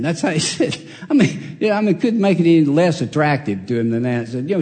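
Folksy preacher in a reverberant hall. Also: male voice, a little fast. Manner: folksy, animated, acts out characters with big pitch jumps. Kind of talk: storytelling sermon. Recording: long reverb of a large hall.

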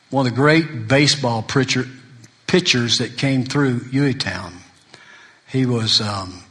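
A middle-aged pastor with a medium-pitched, fairly bright voice delivers a sermon. Folksy storytelling carries it, and he voices his friends' lines himself.

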